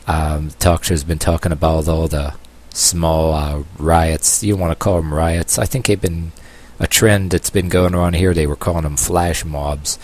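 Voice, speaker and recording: A man from the United States talking in a rambling opinion video, halting with many fillers and restarts and dropping sarcastic asides. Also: extremely low pitch, steady tone, a little mellow. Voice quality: long-haired, calls himself a hippie. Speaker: vlogger.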